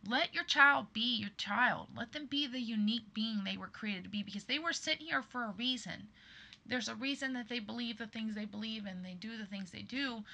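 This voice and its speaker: A woman with a bright, forceful tone gives an earnest monologue to her listeners. She speaks with emphasis and keeps calling them "you guys." She sounds like a podcast host in her thirties. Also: fairly high pitch, gravelly.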